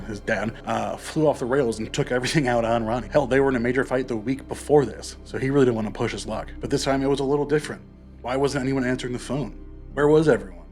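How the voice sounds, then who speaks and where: Fast-talking man narrating true crime. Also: mid-range voice, a little mellow. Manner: casual, profane, joking asides. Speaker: podcast host.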